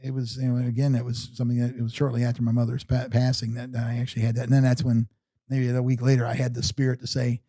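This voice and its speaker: A man's voice: mid-range voice, completely flat delivery, quick pace, dark tone, no room sound. Earnest older man telling stories. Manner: earnest, rambling with frequent restarts. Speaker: podcast guest. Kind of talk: casual storytelling interview.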